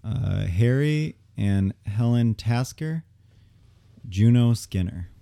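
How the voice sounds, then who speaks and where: A man's voice: mid-range voice, lively intonation, takes it slowly, gravelly, dark tone. A young man playing a movie trivia game, chatting casually and laid-back with friends. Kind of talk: casual chat among friends.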